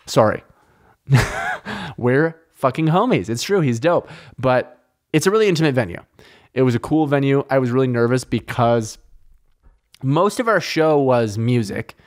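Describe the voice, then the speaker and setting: Canadian man, podcast host, rambling excitable casual chat, swears constantly, mid-pitched voice.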